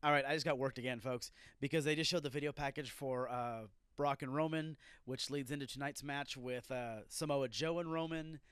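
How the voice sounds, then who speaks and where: A man's voice: mid-range voice, steady tone, normal speed, hardly any pauses, fairly bright tone, smooth, no echo, clean studio sound. A man hosting a solo wrestling review podcast, ranting and swearing as he reacts to a show. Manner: profane, ranting, irritated outbursts. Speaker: podcast host.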